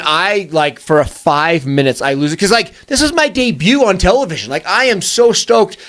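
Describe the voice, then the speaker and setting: A middle-aged man hosts a podcast and tells a long story in a relaxed, chatty way. His voice sits a little high, and he jumps up sharply in pitch when he acts out what people said. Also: moderate pace, few pauses. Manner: animated, acts out quotes with big pitch jumps. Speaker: podcast host. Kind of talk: casual storytelling.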